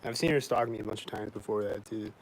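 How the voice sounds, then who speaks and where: A man's voice: on the low side, steady tone, fast talker, vocal fry, very noisy. Rambling, indignant man on a vlog. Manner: rambling, heavy use of "like", frequent swearing; indignant, complaining. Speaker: vlogger. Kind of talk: casual rambling monologue.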